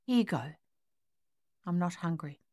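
A woman's voice: lowish voice, animated, a little slow, a little mellow, no echo, studio quality. A woman voicing a sulky, defiant teenage boy in a story. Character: sullen defiant teenage boy locked in room.

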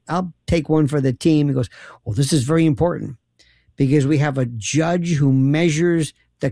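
A woman's voice: low voice, no echo, studio quality. A woman telling a funny story in casual chat, laughing and acting out quotes with lots of energy. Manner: animated, laughing, dramatic quoted voices. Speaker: radio host guest.

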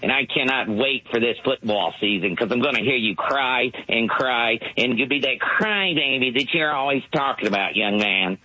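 A man's voice: mid-range voice, expressive, normal speed, few pauses, pushed and bright, breathy edge, no echo. A man calling in to a sports radio show with a long mocking rant. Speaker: caller. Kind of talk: rant call-in. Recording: muffled phone-in audio.

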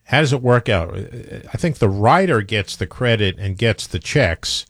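A middle-aged male radio host with a fairly low voice, talking in a loose, rambling way. The sound is dry and close, straight into a studio microphone. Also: expressive, dry recording. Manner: chatty, rambling, quick asides. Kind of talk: casual radio chat.

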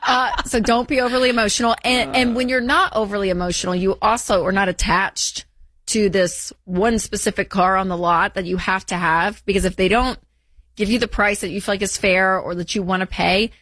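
A woman's voice: medium pitch, fairly even intonation, a little fast, a bit bright, dry recording. A woman co-hosting a call-in advice show, talking in a chatty way and repeating her points for emphasis. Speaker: co-host of a call-in money show. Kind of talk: casual radio advice chat.

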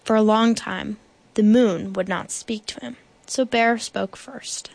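A woman reading a children's picture book aloud in slow, deliberate storytelling. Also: medium pitch, creaky, no echo. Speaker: guest reader.

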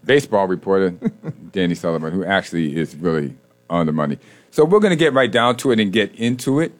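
A man co-hosting a faith-based sports radio show, chatty and jokey and quick to laugh, talking in a studio. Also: deep voice, sing-song. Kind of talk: casual radio chat and scripture reflection.

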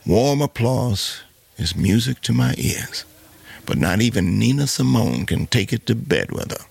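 A man's voice: lowish voice, sing-song, measured pace, gravelly, a little mellow, husky, pitched above the performer's own voice, full character voice. A man voicing a sassy, regal woman singer who makes wry, cutting remarks.

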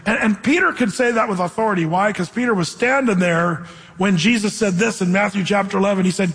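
A man's voice: high voice, fairly quick, vocal fry, a bit bright, breathy edge, in a large hall, low-quality recording. A man preaching a sermon as pastor, speaking emphatically and conversationally and acting out quotes.

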